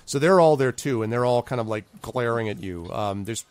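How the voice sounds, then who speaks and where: A man's voice: mid-range voice, fairly quick, dry recording. A man narrating as game master, casual and rambling with lots of fillers.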